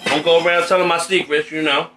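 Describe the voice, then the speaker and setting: A man's voice: a little high, fairly even intonation, fast, reverberant, noisy background. A man hosting a casual cooking show, chatting in slang while he cooks and often asking if you know what he's saying. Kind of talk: casual cooking demo chat. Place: home kitchen with food frying.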